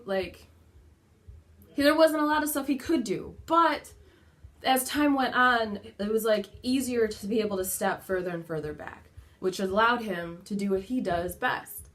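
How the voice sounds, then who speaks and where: A chatty woman speaks to camera from her home, sharing candid advice as a mother. Her talk is loose and conversational, sprinkled with "like" and the occasional swear word. She sounds like a relaxed motivational vlog. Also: a little high. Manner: chatty and candid, casual swearing, many fillers like "like". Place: at home indoors.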